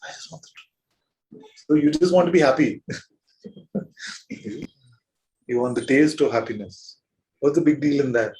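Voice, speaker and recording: A man giving a spiritual talk to a gathering as its teacher, gently playful, chuckling often and prodding listeners with rhetorical questions. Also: medium pitch, a little slow, long pauses, rough recording.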